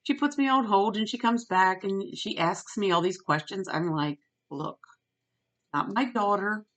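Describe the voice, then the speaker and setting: A middle-aged woman ranting in a storytime vlog, retelling a phone call and quoting both sides with lively emphasis. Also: medium pitch, moderate pace. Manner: animated, retells phone calls with quoted voices. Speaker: vlogger.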